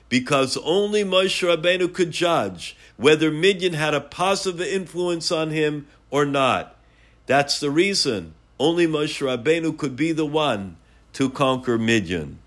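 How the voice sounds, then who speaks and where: Measured man teaching a Torah lesson. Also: on the high side, a bit bright. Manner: measured, explanatory storytelling. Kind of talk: daily Torah lesson with a story.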